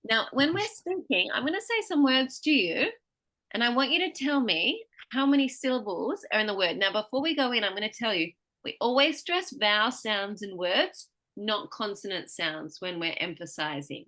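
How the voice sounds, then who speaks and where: A woman's voice: mid-range voice, animated, normal speed, fairly bright tone. A woman teaching pronunciation one-to-one online, who patiently explains syllable stress and encourages her student.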